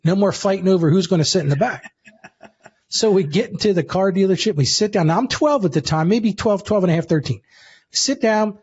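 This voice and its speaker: A man telling a personal story in a lively, casual way as a guest, calling the listener "dude". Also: high-pitched, a little fast, breathy edge, lo-fi sound. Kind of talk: animated storytelling.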